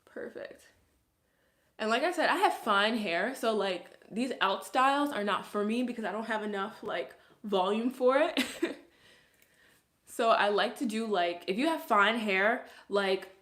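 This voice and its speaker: A woman's voice: mid-range voice, measured pace, a bit bright, reverberant. A young woman from Brooklyn with a Brooklyn accent, a curly hairstylist chatting casually through a hair tutorial, full of "like"s and laughs. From Brooklyn, New York. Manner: chatty, many "like"s, laughs often.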